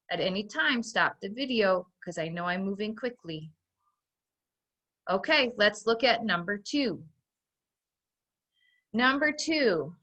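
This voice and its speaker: A woman with a bright, clear voice leads a recorded phonics lesson for young children. She guides patiently, one step at a time, and reads each sentence out slowly and distinctly so the class can follow. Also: mid-range voice. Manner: slow, clearly sounding out dictated sentences. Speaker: teacher.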